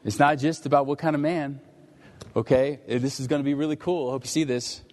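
A man's voice: a little high, steady tone, brisk, darkish tone. A man preaching a sermon in a conversational way, acting out the disciples and Jesus in quoted dialogue. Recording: long hall reverb.

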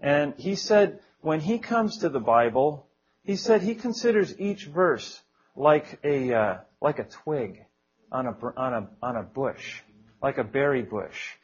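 A man's voice: mid-range voice, animated, measured pace, husky, lo-fi sound. A man preaching a sermon in an earnest, conversational way, with small jokes and prayerful quotes.

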